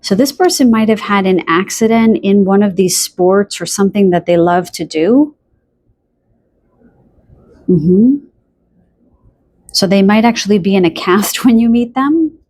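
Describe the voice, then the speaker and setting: A woman's voice: medium pitch, darkish tone. Chatty woman giving a tarot reading. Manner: chatty and spontaneous, pauses searching for words. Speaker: tarot reader. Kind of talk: channeled pick-a-card tarot reading.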